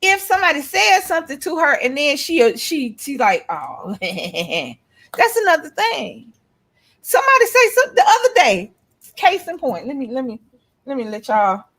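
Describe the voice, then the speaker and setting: A middle-aged woman, telling animated, profane stories in casual chat as a co-host. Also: high voice, a little fast. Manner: animated storytelling, blunt and profane.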